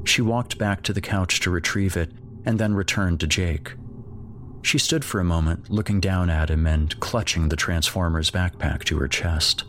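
Deep, slow man narrating a horror story. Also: a bit bright, soft background music.

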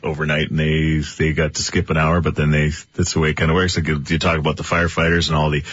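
A man's voice: rumbling low, monotone, fast, fairly bright tone, slightly rough. A man hosting a morning radio show, chatty and joking, laughing often. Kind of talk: casual morning radio banter. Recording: dull lo-fi radio broadcast.

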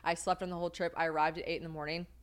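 A woman's voice: fairly low pitch, level tone, racing, smooth. A young woman co-hosting a podcast in casual chat, bubbly and full of laughs, swearing freely. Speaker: podcast co-host.

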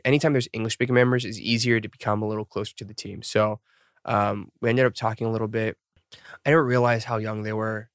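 A man in his thirties hosts a podcast, his mid-range voice a touch bright, in a clean studio recording without echo. He rambles casually, using lots of fillers and laughing at himself.

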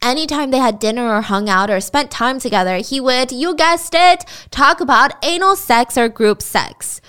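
A woman's voice: a little high, expressive, normal speed, a bit bright, clean tone. A young adult woman telling a true crime story in a chatty, blunt style with sarcastic asides. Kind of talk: casual storytelling narration.

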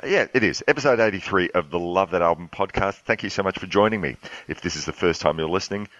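A man's voice: sits low, quick pace, fairly bright tone, no echo, lo-fi sound. A male podcast host in casual chat, chatty and self-deprecating, often stumbling over his words.

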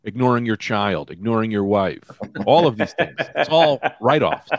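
A man from Sicily jokes and teases his way through a casual podcast chat. His pitch swings up and down with a lot of life. The sound is dry and close, with little room in it. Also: expressive, creaky, dry recording. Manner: playful, teasing, quick jokes. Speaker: podcast co-host.

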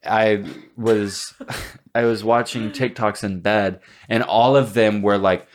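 A man's voice: lowish voice, steady tone, slow pace. A man co-hosting a podcast, telling stories in a casual, dramatic, self-mocking way with plenty of swearing. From Texas. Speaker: podcast co-host. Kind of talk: casual chat.

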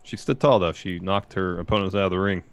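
A man's voice: sits low, quick pace, no room sound. A laid-back man co-hosting a casual wrestling podcast with wry remarks. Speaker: podcast co-host. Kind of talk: casual wrestling recap chat. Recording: noisy background hiss.

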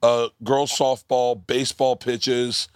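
Man, podcast host, animated storyteller, casual swearing, dry close sound. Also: mid-range voice, takes it slowly, clean tone, no room sound. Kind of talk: casual comedy chat. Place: live festival stage.

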